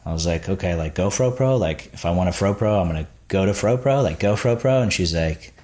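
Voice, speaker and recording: A man with a very low, deep voice tells his founding story in a relaxed podcast chat. He acts out the people he quotes and fills his talk with "like" and "I was like.". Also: brisk. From Florida. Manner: animated storyteller acting out quotes, lots of "like". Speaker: podcast guest, snack bar founder. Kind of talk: casual storytelling interview.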